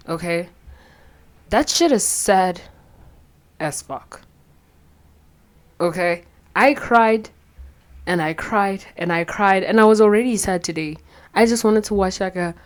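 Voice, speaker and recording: A young woman, talking bluntly and profanely in a rambling confessional vlog, her voice a little shaky with anxiety. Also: fairly low pitch. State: anxious, voice shaky. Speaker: vlogger.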